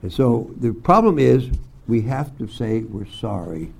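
An older man teaching a Bible school class, telling folksy stories and often clearing his throat. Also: medium pitch, very animated, measured pace. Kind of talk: sermon to young students.

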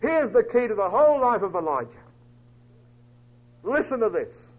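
High, lively preacher swinging loud to hushed. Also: male voice, moderate pace. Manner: dramatic, swinging from loud declaiming to hushed near-whispers. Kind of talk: dramatic storytelling sermon. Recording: dull lo-fi recording.

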